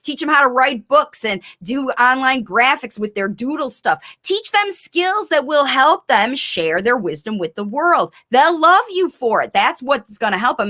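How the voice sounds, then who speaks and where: A middle-aged woman, a speech-language pathologist, coaching parents in a live-streamed Q&A, talking fast and energetically with emphatic repetition. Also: a little high, pushed and bright.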